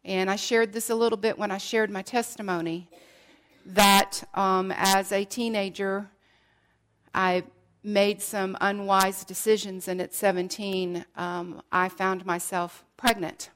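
A woman's voice: medium pitch, little pitch movement, measured pace, fairly bright tone. A middle-aged woman giving an emotional sermon, sharing her testimony earnestly and sometimes dropping almost to a whisper. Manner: earnest, drops to near whispers at painful moments.

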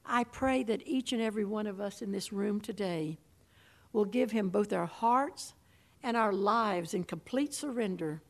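A woman preaching a sermon to a congregation in a room, dramatic and swinging from hushed tones to ringing proclamation. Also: mid-range voice, a little slow.

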